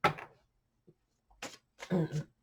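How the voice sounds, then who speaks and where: A woman's voice: drawn-out words, a little mellow. A woman giving a casual tarot reading to camera, blunt and tired, swearing freely and acting out what people say. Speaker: tarot reader.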